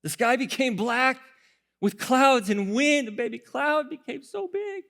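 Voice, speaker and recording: A male pastor preaching a sermon, telling the story with animated voices, laughter and occasional shouts. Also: extremely high pitch, measured pace, gravelly.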